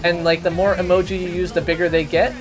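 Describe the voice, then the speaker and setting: A man hosting a live game stream, chatting casually and ranting loudly in rambling asides. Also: high-pitched, little pitch movement, fast talker, music in the background.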